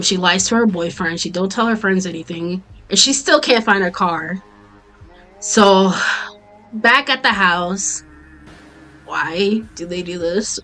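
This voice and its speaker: A woman's voice: fairly low pitch, fairly bright tone. A woman with an American accent, chatting casually and bluntly as she recaps a TV show, swearing freely and drifting into tangents. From Jamaican family, raised in the US. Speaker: YouTuber reviewing a TV series. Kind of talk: casual commentary vlog.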